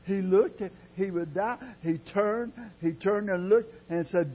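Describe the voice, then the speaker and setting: Slow husky preacher man, lo-fi recording. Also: high voice. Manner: dramatic preaching with sudden loud rises and quiet drops; slow, drawn-out delivery. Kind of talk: sermon. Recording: dull lo-fi sermon recording.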